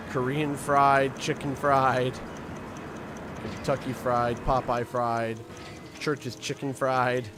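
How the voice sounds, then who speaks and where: A man casually chatting and joking on a game livestream, animated and full of mock outrage. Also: mid-range voice, slow pace, music in the background. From Canada. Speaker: streamer. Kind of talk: casual livestream chat while gaming.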